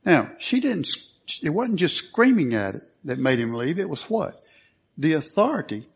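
A man preaching a sermon, earnest and at times forceful, on a dull lo-fi recording. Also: fairly high pitch, sing-song, moderate pace, creaky, husky. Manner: earnest, rising to forceful emphasis.

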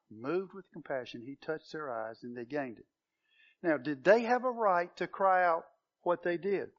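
A man preaching a sermon to a congregation, earnest and questioning, building to emphatic proclamation. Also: high-pitched. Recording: dull lo-fi sound.

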